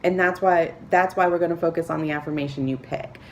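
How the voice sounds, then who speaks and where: A woman talking to camera, giving earnest, encouraging advice with soft laughs and filler words. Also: on the low side, fairly even intonation, quick pace, muffled recording, slight background noise. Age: adult, a parent. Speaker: vlogger. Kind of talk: motivational talk to camera.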